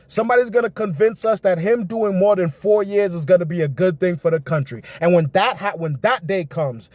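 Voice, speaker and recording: A man's voice: high voice, dry recording. A young man giving casual, rambling political commentary on a livestream, reacting to chat as he goes. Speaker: livestream host.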